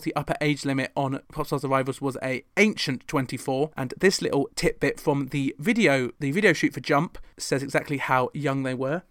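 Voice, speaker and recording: A man's voice: a little high, fairly bright tone, no room sound, clean studio sound. A man hosting a chatty pop chart commentary with wry, sarcastic asides. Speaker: host.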